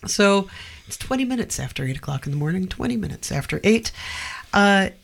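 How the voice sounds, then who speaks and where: A woman hosts a community call-in radio show, chatting along with many small hesitations. Her voice sits at an ordinary middle pitch. She keeps the talk relaxed and conversational. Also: brisk, vocal fry. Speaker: radio host.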